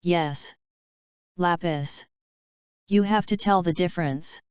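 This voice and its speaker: Hoarse male villain for a storybook read, sneering and gloating, woman narrator voicing, dull lo-fi sound. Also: fairly low pitch, slow pace, dry recording. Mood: mocking. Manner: taunting, gloating. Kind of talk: audiobook reading.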